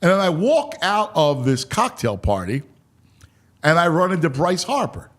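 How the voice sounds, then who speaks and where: A man hosting a sports talk show, telling a story in a lively, animated way. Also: fairly high pitch, moderate pace. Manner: animated storyteller, acts out quotes. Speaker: sports radio host.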